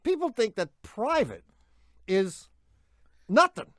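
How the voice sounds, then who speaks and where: A man co-hosting a radio car show, reading aloud and breaking into wheezy, high cackling laughter. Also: wildly swooping pitch, slow, a bit bright, dry recording. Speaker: radio co-host. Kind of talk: radio call-in show banter.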